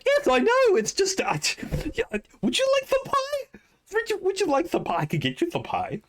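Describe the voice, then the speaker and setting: A man voicing a flamboyant, excitable adult male shopkeeper who gushes with breathless excitement. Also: extremely high pitch, moderate pace, a little hiss or hum, pitched above the performer's own voice, exaggerated voice. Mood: eager. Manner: gushing, squealing, breathless excitement.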